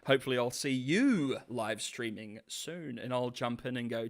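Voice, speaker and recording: A male streamer talking casually to his live chat in a mid-pitched voice. He rambles sarcastically and often restarts his sentences. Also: expressive, moderate pace, few pauses.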